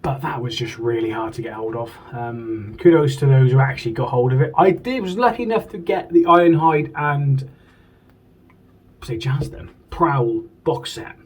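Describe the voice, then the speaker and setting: Give me a chatty, enthusiastic man with a husky voice, recorded from a distance. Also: mid-range voice, normal speed. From United Kingdom. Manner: chatty and enthusiastic, swears casually. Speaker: toy collector reviewer. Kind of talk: casual chat. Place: home room.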